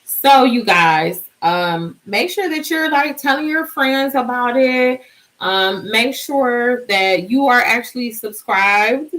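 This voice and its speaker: Woman, live-stream host, sleepy and bubbly, slow talker with a slightly high voice. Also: animated, a bit bright, rough recording. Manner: chatty, bubbly, sings out little cheers. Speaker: vlogger hosting a live stream. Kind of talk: casual live-stream chat.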